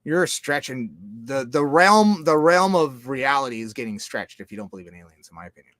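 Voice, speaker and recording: A man talking in a loose, profane, rambling monologue, jumping between loud outbursts and low mutters. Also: animated, brisk. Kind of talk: casual monologue.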